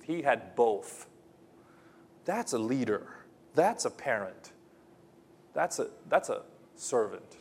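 A man preaching a sermon as pastor, repeating phrases and swinging between loud emphatic bursts and quiet, hushed lines. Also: medium pitch, husky.

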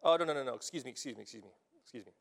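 A male pastor preaching a sermon in an animated, emphatic way, often checking in with his listeners. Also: mid-range voice, rapid-fire, vocal fry. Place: church in Japan.

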